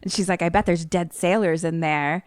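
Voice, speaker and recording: Woman with a mixed American accent, lowish voice. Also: steady tone, moderate pace, no echo, studio quality. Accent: mixed American, a little Philly and Maryland. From United States. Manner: loose, rambling retelling full of "like" and quoted lines. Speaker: podcast co-host retelling a film plot. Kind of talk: casual chat.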